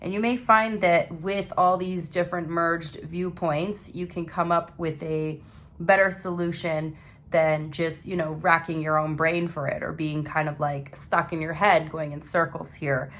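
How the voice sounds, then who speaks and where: A woman's voice: fairly low pitch, a bit bright. A young woman giving a casual monthly tarot reading to her viewers, chatty and rambling as she talks straight to them. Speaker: tarot reader.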